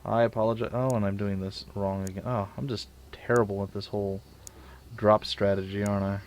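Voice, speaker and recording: A young man casually commenting on his own gameplay, chatty and self-mocking, with sudden loud outbursts. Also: fairly low pitch, little pitch movement, brisk. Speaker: let's play gamer.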